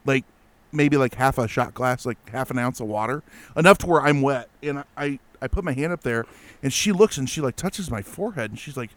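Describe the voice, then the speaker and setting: A man casually telling a spooky personal story, animated and full of fillers and restarts. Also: medium pitch. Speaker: guest telling a ghost story.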